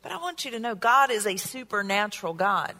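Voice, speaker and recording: A woman's voice: mid-range voice, lively intonation, fairly quick, pushed and bright. Earnest woman preacher in an echoey hall. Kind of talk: evening church message.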